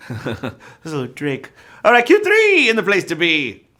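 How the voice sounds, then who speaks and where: A man's voice: a little high, very animated, moderate pace, sharp tone. A man hosting a live trivia show, reading questions with playful rhyming quips and jokes. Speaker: trivia game show host.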